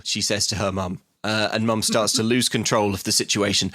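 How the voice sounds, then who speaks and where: A man co-hosting a podcast, telling a film's story with animated, wry humour. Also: lowish voice, fairly quick, hardly any pauses, dry recording, studio quality. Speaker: podcast co-host. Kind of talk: comedic film recap.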